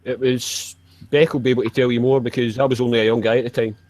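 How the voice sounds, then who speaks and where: A man's voice: medium pitch, flat delivery, fast talker, darkish tone. A man in his forties with a Yorkshire accent, chatting casually over voice chat and swearing freely in friendly banter. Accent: Yorkshire English. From Yorkshire, England.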